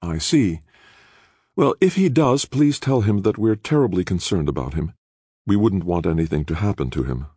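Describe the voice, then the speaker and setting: A man's voice: deep voice, lively intonation, moderate pace, dark tone, slightly rough, dry recording, clean studio sound, voice pushed up. A man voicing a powerful chairwoman who speaks almost pleasantly while making veiled threats. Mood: silky menace. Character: powerful woman chairwoman, silky and menacing.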